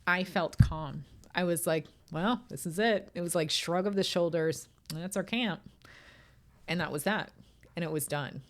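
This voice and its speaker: A middle-aged woman talks alone into her podcast microphone, her voice sitting a little low for a woman. She speaks candidly and swears freely. She is tearful and holds back sobs as she goes. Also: unhurried. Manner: candid and emotional, frequent swearing. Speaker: podcast host. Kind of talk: casual solo podcast monologue.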